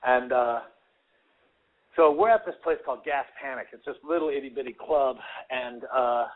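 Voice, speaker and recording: A man's voice: medium pitch, normal speed. Man telling fight stories over a phone line. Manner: animated storyteller, acts out quotes, many fillers. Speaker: guest, former fighter. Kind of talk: casual storytelling on a radio show. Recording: tinny phone line with faint hiss.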